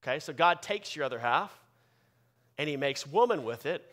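A man pastor delivering a sermon with emphatic preaching that swings from loud bursts to quiet asides. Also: a little high, big pitch swings, moderate pace, pauses often.

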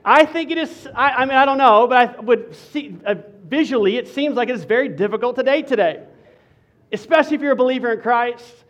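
A man preaching as a pastor, playful and animated, joking with the congregation between serious points. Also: very high-pitched, brisk. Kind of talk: sermon with humor.

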